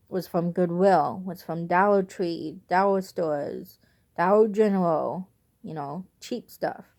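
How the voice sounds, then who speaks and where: A woman's voice: lowish voice, warm tone. Young woman rambling thru a family story on her vlog, chatty, gets wistful. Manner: rambling, conversational, wistful at times. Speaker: vlogger. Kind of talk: casual storytelling.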